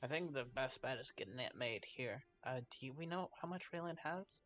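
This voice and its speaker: A man player talking casually in character, with hesitant, halting speech. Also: mid-range voice, a bit bright, soft background music. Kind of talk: casual in-character game talk.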